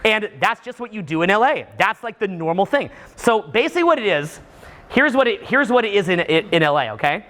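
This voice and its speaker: A man's voice: high-pitched, fairly quick. A man from Canada giving a live seminar talk to an audience, acting out what people say and often restarting his sentences. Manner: animated, acts out what people say, frequent restarts. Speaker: seminar speaker.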